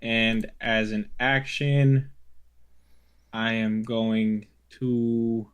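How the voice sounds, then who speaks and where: A man playing a tabletop game, declaring his turn in a drawn-out way and humming while he thinks. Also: on the low side, little pitch movement, clean tone. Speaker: player.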